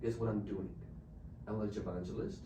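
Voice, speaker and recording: A man from the Czech Republic who speaks English with a Czech accent, an expressive missionary telling stories as an interview guest. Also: lowish voice, brisk, noisy background. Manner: expressive, laughs often. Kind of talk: animated storytelling. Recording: roomy, distant mic.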